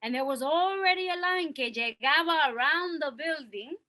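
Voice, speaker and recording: This stage monologue features an actress as Cristela, a young working mother fighting back tears as she confesses, mixing Spanish words into her English. Her voice is high-pitched, bright, and forceful at a normal speed, and the recording quality is low.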